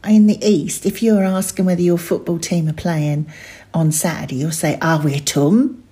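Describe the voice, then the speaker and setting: A woman co-hosting a podcast in an East Suffolk accent. She chats casually, teases her co-host, and keeps the banter quick. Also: on the low side, dark tone. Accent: East Suffolk English. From East Suffolk, England. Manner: playful teasing, quick banter. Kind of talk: casual chat.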